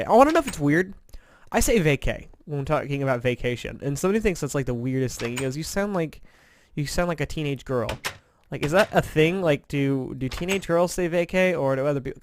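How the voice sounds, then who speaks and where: During a casual let's-play, this man from Indiana rambles on and makes fun of himself while gaming. Having slept little, he's tired and yawning; his voice is medium-pitched, with a slight hiss or hum in the audio.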